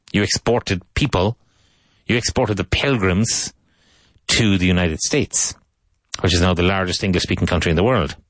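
A man teaching English on the radio, saying model sentences slowly and repeating them for practice. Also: low-pitched, a bit bright, dry recording. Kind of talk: radio English lesson with drills.

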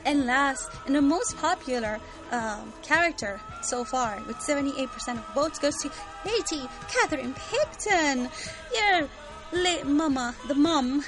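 A woman's voice: high-pitched, lively intonation, unhurried, music in the background, rough recording. A bubbly, giggly woman co-hosting a podcast, chatting casually about a book series and reading out listener comments. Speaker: podcast co-host.

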